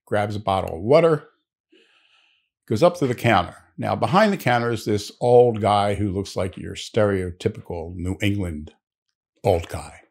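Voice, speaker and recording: A man's voice: lowish voice, animated, moderate pace. A man telling a long joke story in a leisurely, conversational way, with asides to the listener.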